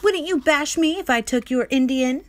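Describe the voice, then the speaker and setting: A woman doing a shrill, yelling young boy. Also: moderate pace, natural voice. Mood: defiant. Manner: yelling, whiny. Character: loud, whiny young boy, possessive.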